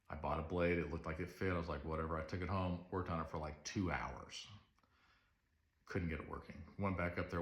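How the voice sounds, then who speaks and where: Earnest male vlogger, low voice, casual rambling story, roomy reverb. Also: fairly bright tone. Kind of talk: casual confessional monologue. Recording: roomy echo.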